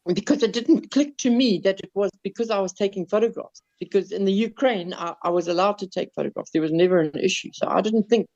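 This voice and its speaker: A man with a South African accent, casually telling a story on a podcast, animated, swearing and stumbling over his words. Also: high voice, fast talker, hardly any pauses. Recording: slightly dull lo-fi sound.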